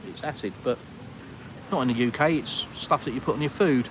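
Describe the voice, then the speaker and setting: A man's voice: medium pitch, fairly quick, a bit bright, slight background noise. A British man chatting to live viewers on a walking vlog, rambling and self-deprecating, outdoors in a town. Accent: British English. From Britain. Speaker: vlogger. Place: outdoors on a town street with traffic.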